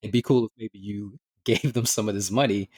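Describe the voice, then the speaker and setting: A man co-hosting a podcast in casual chat, agreeing readily and explaining things in a measured way. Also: lowish voice, steady tone, a little mellow, slightly rough. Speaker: podcast co-host.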